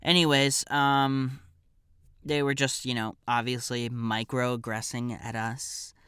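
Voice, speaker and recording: A man's voice: mid-range voice, flat delivery, takes it slowly, bright, forceful tone, clear, resonant tone, no echo, studio quality. A man hosting a podcast, telling a comedic personal story in a wry, digressive, offhand way.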